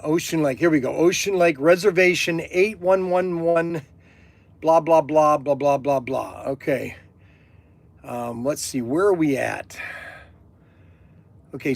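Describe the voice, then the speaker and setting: A man from Ohio with a high-pitched voice talks in an excitable, gushing way, often stumbling over his words. His voice sounds dry and close, with no room echo. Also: creaky. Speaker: livestream host. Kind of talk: casual phone chat. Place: workshop.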